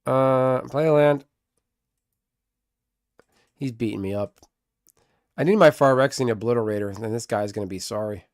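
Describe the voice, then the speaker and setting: A man's voice: mid-range voice, moderate pace, long pauses, no echo. Dry-voiced man trash-talking through gameplay. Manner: muttering, trash-talking his opponent. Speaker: streamer. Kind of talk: live gameplay commentary.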